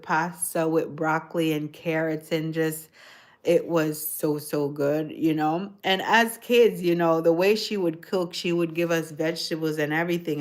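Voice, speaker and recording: A woman hosting a casual livestream, chatting in a rambling, easygoing way full of "like" and "you know". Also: low-pitched. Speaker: livestream host.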